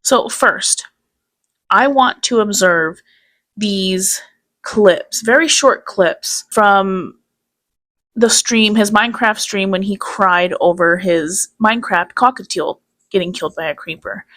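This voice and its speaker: A woman's voice: mid-range voice, a bit bright, no room sound. A woman talking through her take in casual commentary, blunt and sarcastic. Her voice sits in the middle of the female range. The recording is dry and close, with no room sound. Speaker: commentary YouTuber.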